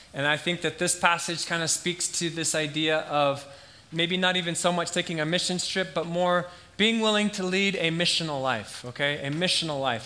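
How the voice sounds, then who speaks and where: A man's voice: a little high, pushed and bright, slight background noise. A man preaching a casual, joking sermon as a visiting missionary, with friendly, self-deprecating banter with the congregation. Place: church sanctuary.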